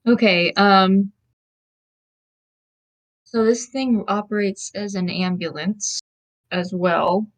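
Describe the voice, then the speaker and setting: A woman playing a tabletop role-playing game, talking in a casual, unhurried way. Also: medium pitch, fairly even intonation. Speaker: player.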